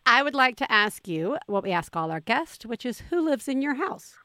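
A woman's voice: on the high side, big pitch swings, moderate pace, bright, forceful tone, dry recording, clean studio sound. A woman in her forties hosting a casual podcast chat, enthusiastic and laughing often. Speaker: podcast host.

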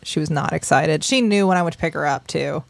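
A woman's voice: low voice, fairly quick, creaky, no echo. A woman, co-hosting a podcast as a casual chat, telling a story with lots of laughs and acted-out quotes. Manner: animated storyteller, laughs often, acts out quotes. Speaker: podcast co-host.

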